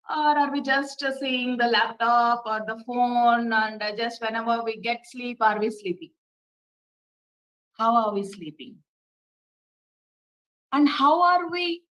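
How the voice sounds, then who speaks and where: A woman giving a spiritual talk as a meditation teacher, asking gentle rhetorical questions and guiding a short meditation. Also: a little high, poor audio.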